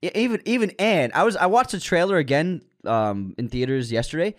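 A man, co-hosting a casual movie news podcast, acting out quotes and tossing in quick asides. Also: on the high side, expressive. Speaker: podcast co-host.

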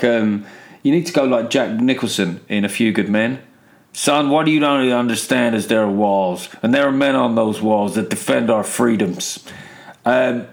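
Sweary, rambling English podcast host. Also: male voice, medium pitch. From England. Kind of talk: casual solo podcast monologue.

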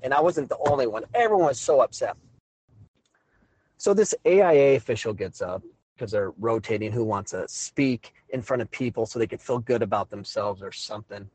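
Middle-aged male coach, fed-up ranting monologue, mid-pitched, dry close recording. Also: expressive, moderate pace, a little mellow, slightly rough, dry recording, rough recording. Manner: exasperated, ranting. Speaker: high school soccer coach. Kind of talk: frustrated monologue.

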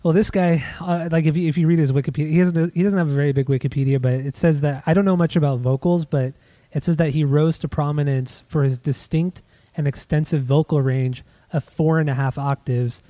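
A man's voice: fairly high pitch, fairly even intonation, a little fast, mellow, no room sound. A man chatting casually about records he bought, easygoing and a little hesitant, swearing now and then. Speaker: podcast co-host. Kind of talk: casual chat about vinyl finds.

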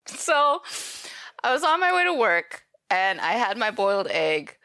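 A woman's voice: medium pitch, sing-song, measured pace, sharp tone, no echo. A woman from the Minnesota and Illinois area with an Upper Midwest accent, co-hosting a podcast in casual, giggly, self-deprecating chat. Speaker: podcast co-host.

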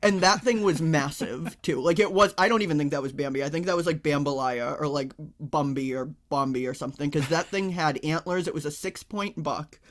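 A man's voice: on the high side, fairly quick, hardly any pauses, slight background noise. A young adult man co-hosting a podcast, telling things in a blunt, wry, matter-of-fact way in casual chat. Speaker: podcast co-host.

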